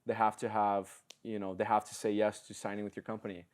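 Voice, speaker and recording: A man's voice: lowish voice, quick pace. A young man in his twenties, a podcast guest, telling stories in casual slang. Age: 20s. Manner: storytelling, lively, casual slang.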